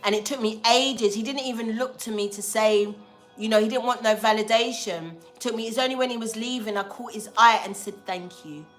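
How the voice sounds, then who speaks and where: A woman telling a story casually to a livestream audience, animated and slangy, acting out the lines of the people in it. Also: a little high, a little fast, faint music behind. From England. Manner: animated, slangy, acts out dialogue. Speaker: spiritual livestream host.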